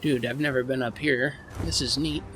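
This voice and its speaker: A man's voice: mid-range voice, steady tone, normal speed, noisy background. A man giving casual, rambling commentary while playing a game, mocking himself and swearing freely as he goes. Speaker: gaming channel host.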